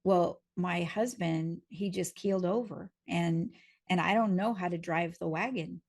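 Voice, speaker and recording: A woman voicing a grieving client under hypnosis who speaks slowly and haltingly, dazed and hesitant. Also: fairly low pitch, vocal fry, darkish tone.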